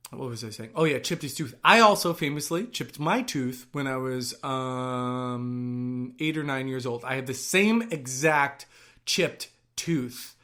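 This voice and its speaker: An actor and writer, a man with a medium-pitched voice, gives casual watch-along commentary on a film at a measured pace. His delivery is excitable and gushing, now and then bursting into yelling.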